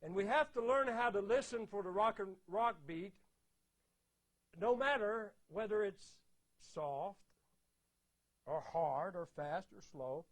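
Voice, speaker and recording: A man's voice: high-pitched, expressive, takes it slowly, long pauses. A man giving an explanatory talk about rhythm. He repeats key words emphatically and counts out beats aloud. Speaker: music teacher giving a talk.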